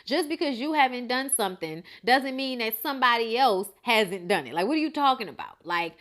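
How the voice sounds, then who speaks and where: Sassy young woman with a bright voice. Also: a little high, fairly quick. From Los Angeles, USA. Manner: sassy, animated, acts out quotes. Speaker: TV show reviewer. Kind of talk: casual recap chat.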